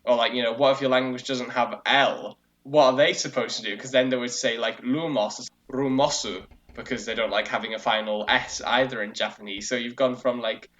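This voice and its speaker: A man's voice: medium pitch, brisk, few pauses. Rambling man, dull lo-fi sound. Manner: rambling, animated explaining with many fillers and restarts. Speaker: co-host. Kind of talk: casual discussion podcast. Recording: lo-fi dull audio.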